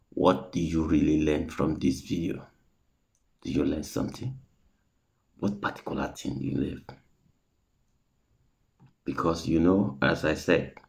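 A man's voice: low voice, creaky. A Nigerian man talking to his viewers in an earnest, repetitive way, commenting on a clip. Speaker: vlogger reacting to a clip.

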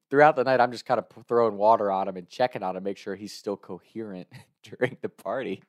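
A man's voice: mid-range voice, no echo, studio quality. A man telling a casual personal anecdote in a loose, rambling way, often laughing mid-sentence. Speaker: storyteller.

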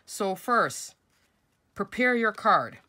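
A woman's voice: mid-range voice, big pitch swings, takes it slowly, pushed and bright. A middle-aged woman, nasal from a cold, chatting her way through a step-by-step craft tutorial at her desk and talking to viewers as folks and crafters.

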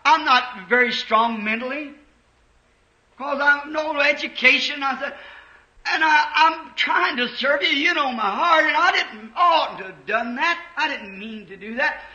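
A man preaches in a very high, bright, piercing voice, swinging from quiet storytelling into fervent shouting. The sound is dull and lo-fi, carrying the roomy echo of an old church recording. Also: a little slow. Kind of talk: sermon.

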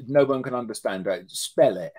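A man's voice: mid-range voice, moderate pace, darkish tone. Blunt man with a middle voice. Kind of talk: casual chat.

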